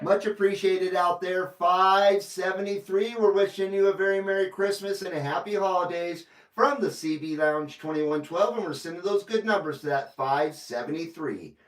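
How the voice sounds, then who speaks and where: A high-pitched man works the CB radio, calling out handles and chatting in a casual, rambling way. He sits back from the mic in an echoey room, with a faint hiss underneath. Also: normal speed, few pauses. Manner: friendly, repeats call numbers, rambling asides. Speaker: CB radio operator hosting a livestream. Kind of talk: casual radio call-outs and chat. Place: radio station room in Carson City, Nevada. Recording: roomy, distant mic, faint noise.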